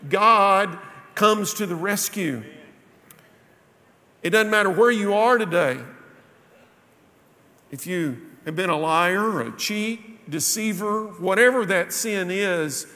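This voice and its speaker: A man with a fairly high voice preaches, weaving scripture into a personal story. He drops his voice low and quiet when he quotes others. The sound rings with the long reverb of a big hall.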